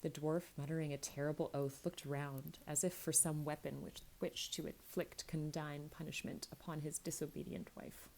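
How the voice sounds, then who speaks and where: A woman reads a classic novel aloud as a soothing bedtime story. Her voice sits low with a gravelly fry, and the tone is dark and mellow. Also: level tone, a little hiss or hum, low-quality recording. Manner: slow, soothing reading. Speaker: narrator. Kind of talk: calm bedtime story reading.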